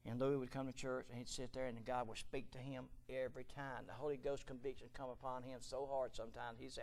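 A middle-aged man preaching a fervent sermon in a church, swinging from quiet storytelling to loud shouting. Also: mid-range voice, level tone, brisk, creaky, few pauses. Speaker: pastor. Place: church sanctuary.

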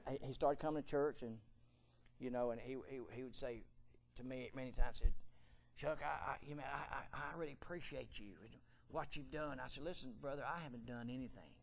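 A middle-aged man preaching a fervent sermon in a church, swinging from quiet storytelling to loud shouting. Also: medium pitch, brisk, vocal fry. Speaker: pastor. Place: church sanctuary.

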